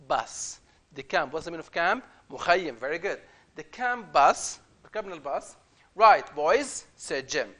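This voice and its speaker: A male teacher with a notably high voice walks a class through a reader story. He reads passages emphatically and then patiently repeats and explains key words. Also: a bit bright. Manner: reads the story aloud with emphatic, raised delivery. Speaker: English teacher.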